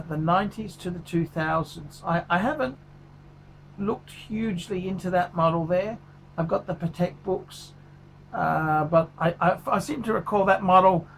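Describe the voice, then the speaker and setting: A man's voice: high-pitched, creaky, a bit bright, a little hiss or hum, pitched below the performer's own voice. A man voicing a furious, foul-mouthed male watch reviewer who swears constantly in a paid review rant. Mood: measured. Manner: swears constantly, ranting, blunt.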